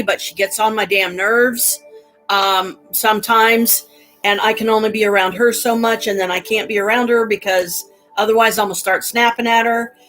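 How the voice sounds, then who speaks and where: Middle-aged woman, fed-up streamer, profane and ranting, average pitch, soft music under her. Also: low-quality recording. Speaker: livestreamer. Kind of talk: casual venting livestream.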